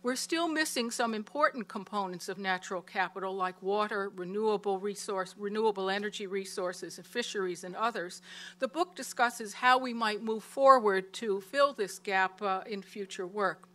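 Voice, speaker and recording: A woman giving a prepared presentation of a research report in a steady, measured way. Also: medium pitch.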